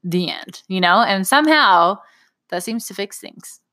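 A woman's voice: mid-range voice, lively intonation, unhurried, pushed and bright, dry recording, clean studio sound. A woman co-hosting a parenting podcast, chatting casually about her kids. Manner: chatty, laughs between remarks. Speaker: podcast co-host and mother. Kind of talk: casual conversational chat.

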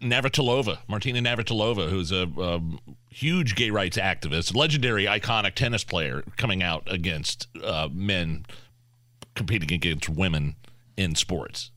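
A man co-hosting a podcast, halting with many fillers and laughing often. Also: sits low, pushed and bright, no room sound. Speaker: podcast co-host. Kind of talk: casual opinion talk.

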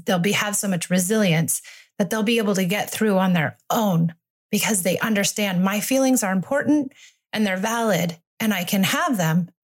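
A woman hosting a solo parenting podcast, speaking in a reflective, earnest way and sometimes acting out conversations. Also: medium pitch. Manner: reflective, earnest, acts out dialogue. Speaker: podcast host and family therapist.

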